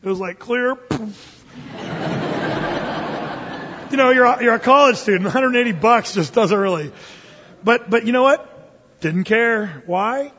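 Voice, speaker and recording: A high-pitched man in his fifties preaching a sermon in a church sanctuary, his voice carrying a long reverb through the hall. He tells his stories in a loose, conversational way, often restarting his sentences. The recording sounds dull and lo-fi. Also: moderate pace, a little hiss or hum. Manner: conversational storytelling, animated with frequent restarts. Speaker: pastor.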